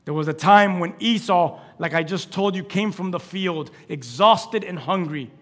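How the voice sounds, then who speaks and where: A male pastor preaching a sermon, telling scripture stories with animated acted-out dialogue, swinging between loud exclamations and hushed asides. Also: sits high, normal speed. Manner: animated storytelling, acting out scripture scenes.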